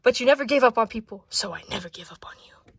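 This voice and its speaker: A brooding emo young man murmurs softly and mournfully, tender and protective, his words sinking toward a whisper, as a woman puts him on. The voice sits fairly high, and the room is dry with no echo. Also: lively intonation, quick pace, breathy edge. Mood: hushed tender.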